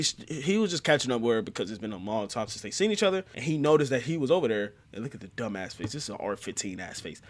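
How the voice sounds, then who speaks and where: A young man giving a casual manga review, excitable and slangy, often laughing as he recaps the plot. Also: medium pitch, fast talker, few pauses.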